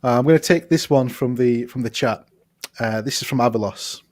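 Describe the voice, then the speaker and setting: A man co-hosting a casual advice podcast in a studio, giving joking, deadpan advice. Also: mid-range voice, a little fast, dry recording. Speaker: podcast co-host.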